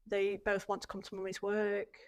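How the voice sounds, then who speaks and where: A woman's voice: medium pitch, completely flat delivery, moderate pace. A young woman hosting a podcast, telling parenting stories in a chatty way and laughing often. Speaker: podcast host. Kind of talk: casual chat.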